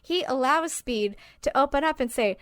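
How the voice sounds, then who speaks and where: A woman's voice: high voice, normal speed, dry recording, clean studio sound. Emphatic, swearing woman podcast co-host. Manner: emphatic and animated, swears often. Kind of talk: casual chat.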